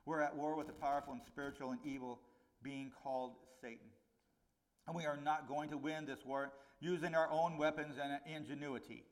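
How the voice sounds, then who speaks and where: A middle-aged man preaching a conversational sermon, his voice rising on key points and dropping low on warnings. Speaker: pastor.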